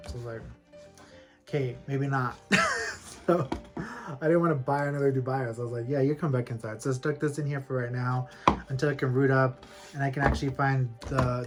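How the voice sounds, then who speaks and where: A man talking casually at home as a plant-collector vlogger, rambling and animated, with frequent laughs. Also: medium pitch. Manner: rambling and animated, laughs often, lots of fillers. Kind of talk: casual chatty storytelling. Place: at home with houseplants.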